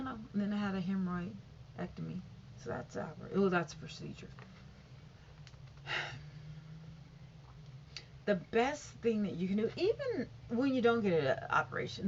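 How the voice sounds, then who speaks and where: A woman's voice: medium pitch, darkish tone. A woman chatting casually to her viewers, rambling and often saying "you know". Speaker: vlogger. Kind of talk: casual chat to camera. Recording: dull lo-fi sound with faint noise.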